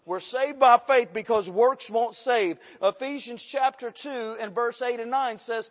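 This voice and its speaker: A man preaching a sermon, building emphasis and slowing down on key phrases. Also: very high-pitched. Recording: dull sound in a reverberant hall.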